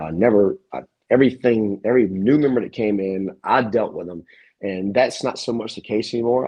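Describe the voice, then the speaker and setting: Gym owner guest, male, low and husky, earnest and reflective, halting delivery. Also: a little mellow. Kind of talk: casual interview conversation.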